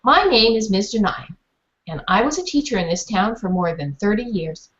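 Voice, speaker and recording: A woman's voice: mid-range voice, lively intonation, moderate pace, muffled recording, close to an everyday voice. A woman voicing a friendly, plain-spoken older woman, a retired teacher turned dog trainer, in a storybook reading.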